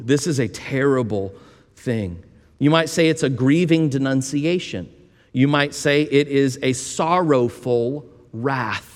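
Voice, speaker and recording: Pastor preaching in a reverberant church. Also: male voice, mid-range voice, expressive, slow. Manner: conversational preaching with folksy asides and frequent restarts. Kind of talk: sermon. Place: church sanctuary. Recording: long reverb of a church hall.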